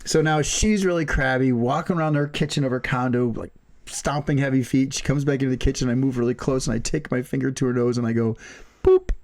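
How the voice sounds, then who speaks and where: A man's voice: medium pitch, steady tone, quick pace, darkish tone. Guy cohosting a chill chat, teasing and laughing, storytelling. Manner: teasing, laughs often, tells stories. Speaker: podcast co-host. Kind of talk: casual chat.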